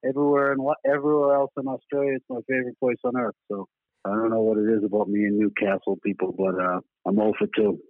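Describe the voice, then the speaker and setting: A man's voice: lowish voice, steady tone, quick pace, no room sound. A laid-back man with a thick Boston accent tells stories and swears casually through the conversation. His voice comes through a dry, tinny phone line. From Boston, USA. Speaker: band musician guest.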